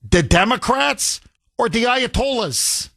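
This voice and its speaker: High, bright-voiced talk radio host. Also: male voice, expressive, takes it slowly, gravelly. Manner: emphatic, rhetorical questions. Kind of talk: opinionated talk radio monologue.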